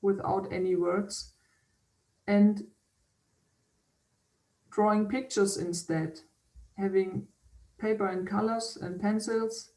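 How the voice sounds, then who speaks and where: Woman interviewer, very slow and hesitant, heard from a distance. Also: mid-range voice, level tone. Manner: hesitant, gentle, many false starts. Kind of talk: casual interview conversation. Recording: roomy, distant from the mic.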